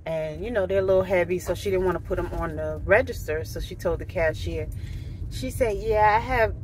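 A woman's voice: fairly low pitch, fairly quick, a little hiss or hum. Chatty woman vlogger telling a story. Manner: chatty, animated, says "right?" and "um" often. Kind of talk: casual storytelling to camera.

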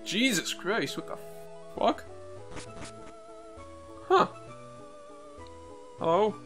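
Casual sarcastic gamer man, bright and slightly high voice, faint game music behind. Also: big pitch swings, extremely slow, pauses often. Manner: casual, sarcastic, crude jokes. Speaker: gameplay commentator. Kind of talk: let's play commentary.

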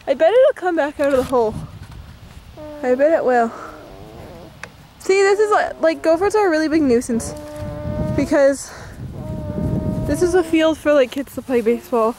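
A woman's voice: high voice, animated, normal speed, long pauses. A young woman in her twenties chatting and giggling through a casual family vlog. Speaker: family vlogger and mother. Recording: noisy handheld camera audio.

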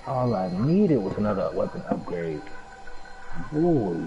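A man's voice: lowish voice, big pitch swings, a little slow, mellow, soft background music. A young man giving casual, profane, slang-heavy commentary while streaming a game. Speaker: gameplay streamer. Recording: dull lo-fi recording.

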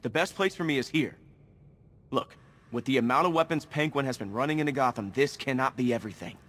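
An actor voicing an earnest young male hero in a video game, speaking in an insistent, steady way. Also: mid-range voice, fast talker, natural voice.

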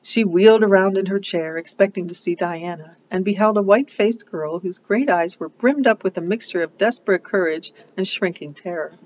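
A reader narrating a classic novel in steady, plain storytelling. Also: mid-range voice, normal speed, few pauses, dull audio, a little hiss or hum.

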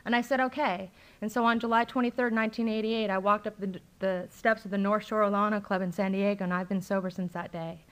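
Talking fast with few pauses and a steady tone, a middle-aged woman shares her own story at a recovery meeting. Her medium-pitched delivery is candid and chatty, peppered with ums and likes, recorded live in a meeting room.

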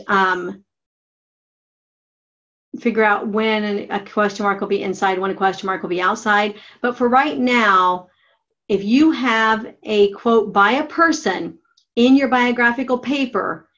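Slow, methodical woman teaching grammar. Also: medium pitch, a bit bright, highs cut off. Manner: slow, methodical step-by-step instruction. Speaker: writing teacher. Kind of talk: classroom grammar lesson.

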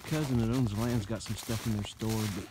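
Slightly out of breath from an uphill hike, this Indiana-accented man chats folksily and rambles to the phone in his hand as he vlogs bushcraft in the wintry woods. He talks fairly fast in a fairly low, fairly even voice against a noisy background.

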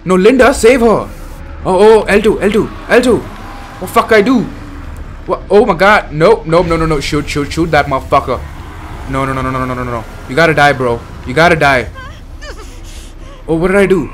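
A young man hosting a horror game playthrough, reacting loudly and excitably, with frequent swearing. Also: fairly high pitch, normal speed, pauses often, a little hiss or hum. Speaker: gaming channel host. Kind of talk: let's play commentary.

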